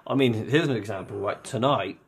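A man's voice: lowish voice, a little fast, a little hiss or hum. A man co-hosting a podcast in casual chat, asking follow-up questions and reacting with short exclamations. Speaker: podcast co-host.

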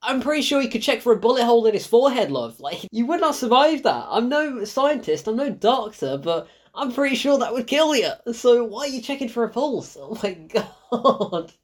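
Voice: medium pitch, sing-song, normal speed. A film reviewer, giving a casual spoken review in an exasperated, sarcastic way, laughing often and swearing.

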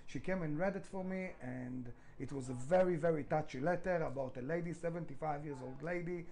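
A man's voice: on the high side, brisk, a little mellow, rough recording. A middle-aged man, a restaurant founder, telling his story in a podcast interview, emphatic, swearing freely, with non-native grammar.

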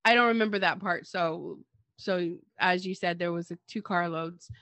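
Woman co-host, somewhat low voice, dry sarcastic wit, close dead sound. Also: normal speed, fairly bright tone, no echo. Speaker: podcast co-host. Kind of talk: casual history discussion.

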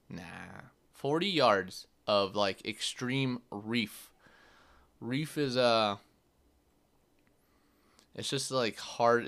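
A man's voice: on the low side, fairly bright tone, smooth. A young man hosting his own podcast, telling a story in a loose, casual way, full of fillers and swearing. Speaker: podcast host.

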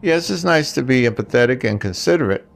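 Man, older, gravelly, blunt, casual advice monologue, storytelling. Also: mid-range voice, lively intonation, fairly quick, faint music behind. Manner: blunt, storytelling, talks straight to the guys. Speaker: relationship advice speaker.

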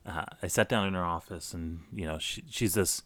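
A middle-aged man telling a personal story casually, animated, with many restarts. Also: low voice, normal speed, dry recording. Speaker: guest storyteller.

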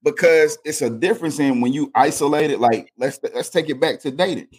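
A man's voice: a little high, a little fast, darkish tone, slightly rough. A man co-hosting a faith podcast, talking in an emphatic, preachy storytelling way. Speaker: podcast co-host. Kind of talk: casual faith podcast chat.

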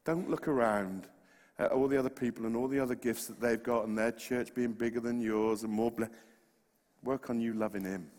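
A man from England's West Country preaches a sermon in his regional accent, earnest and impassioned but with humorous asides. His voice is mid-range with a darkish tone, and a long hall reverb fills the recording.

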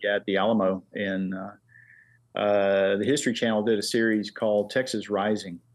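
A man's voice: lowish voice, normal speed. A middle-aged man in casual conversation, telling long stories loosely with many fillers. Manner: relaxed anecdotes with many fillers. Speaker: guest, engraver. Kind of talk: casual chat, storytelling.

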